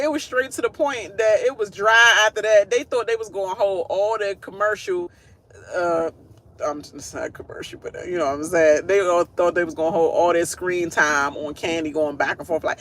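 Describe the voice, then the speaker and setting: A man with a fairly high voice rants through a TV recap in a casual, blunt way. He swears freely and keeps breaking into laughter. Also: a bit bright. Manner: blunt and profane, laughs often. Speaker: show recap host. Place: at work.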